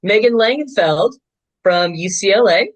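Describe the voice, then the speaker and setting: A woman in her sixties, a veteran softball umpire, telling game stories in a chatty, animated way with lots of fillers. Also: medium pitch, measured pace, rough recording. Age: 60s. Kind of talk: casual interview storytelling.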